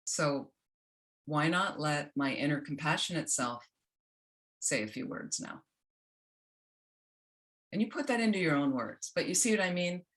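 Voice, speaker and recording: A woman teaching a self-compassion workshop, gentle and instructional, often checking in with the group. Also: low-pitched, expressive, measured pace, pauses often. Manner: gentle, keeps checking in with "okay?".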